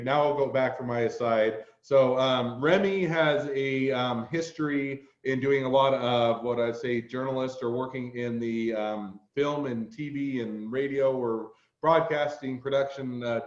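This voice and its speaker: In a reverberant, muffled recording, a man from Utah with a Utah American accent hosts a casual podcast interview. His medium-pitched voice rambles and drifts into side tangents.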